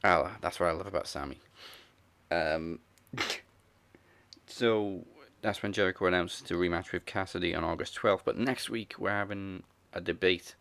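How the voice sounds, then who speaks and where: A man's voice: low voice, a little slow, creaky, a bit bright, smooth. A man co-hosting a wrestling podcast, recapping events in a laid-back casual chat full of fillers. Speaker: podcast co-host.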